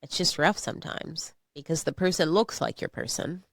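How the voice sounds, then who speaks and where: A woman's voice: low-pitched, normal speed, no echo, clean studio sound. A woman co-hosting a podcast, talking candidly and expressively, often laughing through hard subjects. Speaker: podcast co-host. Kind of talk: casual podcast chat.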